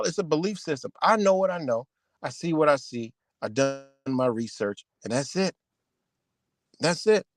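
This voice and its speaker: A man's voice: mid-range voice, no room sound. A man ranting heatedly and profanely on his livestream, repeating himself as he vents. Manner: agitated, profane, repetitive ranting.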